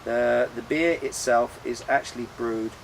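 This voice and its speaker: A man's voice: mid-range voice, fairly even intonation, unhurried, gravelly, slight background noise, rough recording. A man hosting a casual beer show outdoors, talking in a rambling, chatty way with lots of fillers and restarts. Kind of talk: casual chat about beer. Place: outdoors in sunshine.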